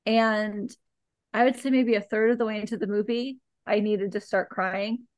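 A woman co-host talks in a casual, animated way, piling on "like" as she tells a long story. Her pitch sits in the middle range. The recording is close and dry, with no room sound. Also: moderate pace, no room sound. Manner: animated, chatty storytelling with lots of "like". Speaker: podcast co-host. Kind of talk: casual chat, recommending a film.

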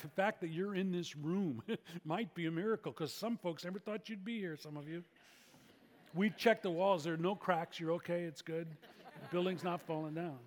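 Man, pastor, sermon storytelling, high pitched, restarts and hushed drops, reverberant hall.

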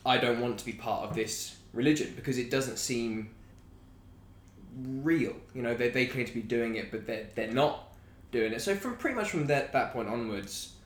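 A man's voice: medium pitch, expressive, moderate pace. A young man from the south of England talking candidly and reflectively in a casual chat, with some fillers. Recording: echoey room with faint background noise.

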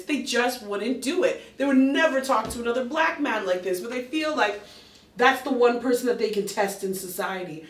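A woman comedian in casual chat, telling stories in a lively, blunt way with swearing. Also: on the high side, moderate pace. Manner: lively storyteller, blunt and profane. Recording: roomy sound, mic at a distance.

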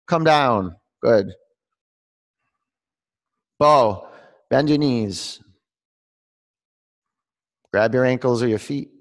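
A man's voice: on the high side, fairly bright tone, big-room sound. A man teaching a live yoga class, calling out poses and counting breaths, joking with his students by name. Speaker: yoga instructor. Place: yoga studio, large room.

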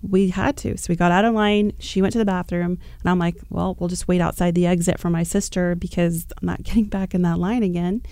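Chatty woman on a podcast, mellow low voice, lots of "like" and "um", dry sound. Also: a little fast, hardly any pauses, dry recording. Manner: animated, chatty, full of fillers. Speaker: podcast guest. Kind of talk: casual podcast storytelling.

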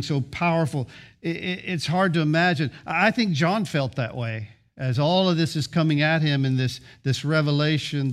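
A man preaching a sermon, building emphatic rhythmic lists of short phrases and often restarting his words as he presses a point. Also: fairly high pitch. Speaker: pastor.

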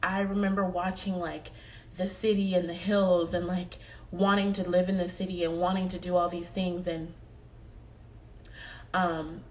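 A young woman speaks to her viewers in an earnest, heartfelt way, often circling back over her words. Her voice sits a little low for a woman. A faint hiss runs under the talk. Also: level tone, unhurried, darkish tone. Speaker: vlogger. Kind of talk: motivational talk to camera.

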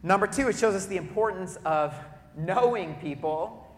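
High-voiced preacher in an echoey hall. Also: male voice, normal speed, a little hiss or hum. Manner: lively storytelling with audience asides, loud bursts when acting out cheering. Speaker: pastor. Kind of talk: sermon. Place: church auditorium.

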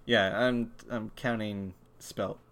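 A man talks games in a relaxed podcast chat, his low voice gravelly yet sharp at the top. He's blunt and candid and swears without a second thought. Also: takes it slowly, a little hiss or hum. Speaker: podcast co-host. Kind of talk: casual chat about video games.

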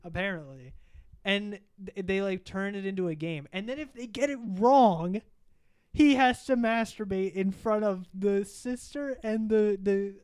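A young man in casual podcast chat, rambling through a profane, animated story. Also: sits high, unhurried, clean tone.

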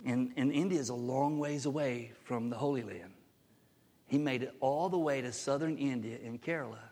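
A man preaching a sermon as a pastor, emphatic, with his pitch climbing sharply when he voices the words he quotes. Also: normal speed, a little mellow. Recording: long hall reverb.

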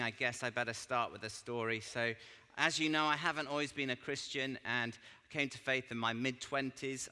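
A man's voice: mid-range voice, pushed and bright. A man giving an informal sermon as a church speaker. He tells stories in a chatty, self-deprecating way. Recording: long hall reverb.

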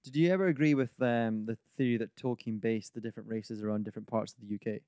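Fast-talking man, mellow tone. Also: on the low side, steady tone, clear, resonant tone, dry recording, clean studio sound. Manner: quick, asks the questions, steers topics. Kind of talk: casual chat.

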